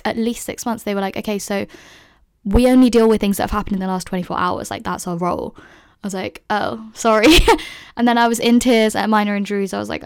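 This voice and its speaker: A woman's voice: a little high, no echo, clean studio sound. A woman in her twenties from the UK, telling a story in a chatty, casual way with lots of fillers and laughs. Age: 20s. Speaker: vlogger.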